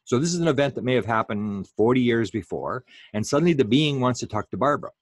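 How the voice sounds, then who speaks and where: A man's voice: medium pitch, expressive, quick pace, no echo. A man giving an online lecture, talking unhurriedly with many fillers and restarts.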